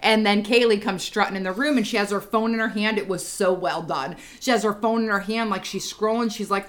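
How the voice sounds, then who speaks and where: A woman's voice: mid-range voice, brisk, hardly any pauses, bright, forceful tone. A middle-aged woman co-hosting a podcast, animatedly telling a family story and laughing along. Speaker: podcast co-host. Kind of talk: casual storytelling chat.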